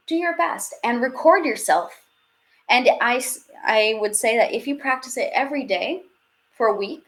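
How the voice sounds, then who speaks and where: A woman teaching a live online French class, chatty and upbeat, reading out viewer questions as she goes. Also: on the high side.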